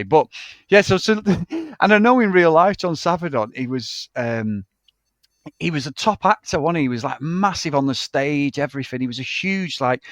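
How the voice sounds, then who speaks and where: A man's voice: medium pitch, no room sound, clean studio sound. A man, co-hosting a casual film podcast and telling sweary, laughing anecdotes. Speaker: podcast co-host.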